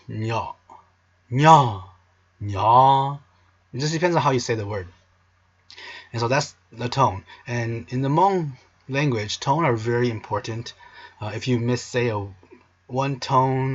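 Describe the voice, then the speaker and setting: A man with a medium-pitched, slightly breathy voice hosts a casual language lesson video as the teacher. He's playful and cheesy, now and then bursting into song, and the audio sounds dull.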